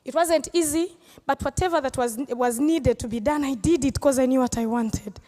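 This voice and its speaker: A woman's voice: high-pitched, moderate pace, warm tone, long reverb tail. A Ugandan woman comedian answering audience questions on stage, playful and teasing, laughing often. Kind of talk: live Q&A on stage.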